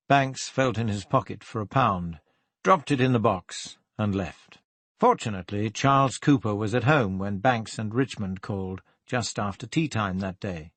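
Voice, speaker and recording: A man narrating a crime novel in a measured, even storytelling voice. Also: mid-range voice, dry recording. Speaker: audiobook narrator.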